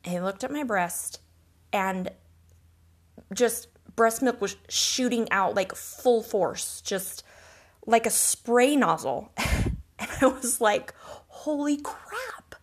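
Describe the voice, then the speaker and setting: A woman's voice: fairly high pitch, takes it slowly, pauses often. A woman hosting a podcast, telling a personal story in an earnest, reflective and emotional way. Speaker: podcast host.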